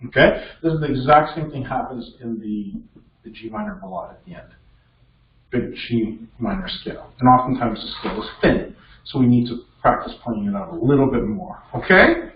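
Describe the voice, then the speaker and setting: A man's voice: medium pitch, animated, moderate pace. A man coaching a piano student in a masterclass, encouraging and checking in often with "okay?". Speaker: piano teacher leading a masterclass. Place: music studio indoors with a piano. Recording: distant, roomy and dull with piano behind.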